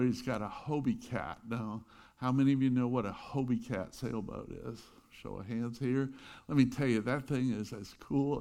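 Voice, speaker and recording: A middle-aged pastor telling a lively story in his sermon, with chuckling asides. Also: mid-range voice.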